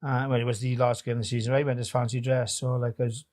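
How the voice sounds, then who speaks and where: A man's voice: mid-range voice, little pitch movement, fast talker, darkish tone. A middle-aged man telling stories as a guest in a casual chat. He swears freely and trails off mid-sentence.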